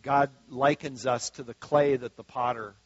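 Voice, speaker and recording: A man's voice: mid-range voice, fairly even intonation, normal speed, dry recording, muffled recording. A man preaching a sermon as pastor in a conversational way, with frequent asides and restarts.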